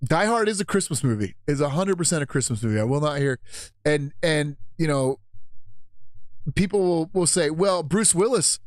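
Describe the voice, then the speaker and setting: A middle-aged man from Seattle hosting a livestream, talking casually with lots of swearing and sudden animated outbursts. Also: a little high, moderate pace, no echo, studio quality. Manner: profane, animated, swings into loud outbursts. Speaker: livestream host.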